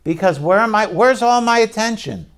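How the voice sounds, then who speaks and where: A man preaching a sermon in a slow, conversational way, asking the congregation questions and speaking candidly about himself. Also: high-pitched, lively intonation, clear, resonant tone. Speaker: pastor.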